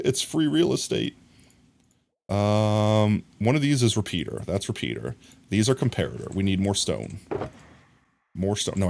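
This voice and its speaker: A man's voice: deep voice, creaky, a little mellow, a little hiss or hum. Young man muttering through a live stream. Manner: rambling, jokey, mutters to himself while crafting; teases and scolds chat playfully. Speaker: livestreamer. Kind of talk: casual live-stream chat while gaming.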